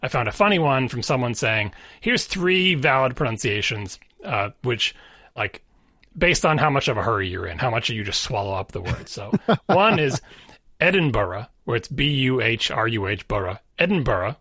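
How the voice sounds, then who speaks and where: A man's voice: medium pitch, expressive, normal speed, sharp tone, no echo. A man co-hosting a podcast, chatting casually and explaining with a wry, conversational manner. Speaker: podcast co-host. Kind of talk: casual chat.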